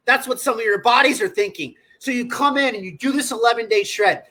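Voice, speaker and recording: Blunt, husky-voiced man coaching. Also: very high-pitched, fairly quick, pushed and bright. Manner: blunt, profane, scolding. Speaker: nutrition coach. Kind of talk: livestream coaching talk.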